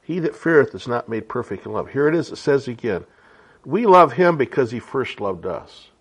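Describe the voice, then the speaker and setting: A man's voice: medium pitch, sing-song, moderate pace, breathy edge. A man giving an informal sermon as a Bible teacher, chatty and conversational, often checking in with rhetorical questions.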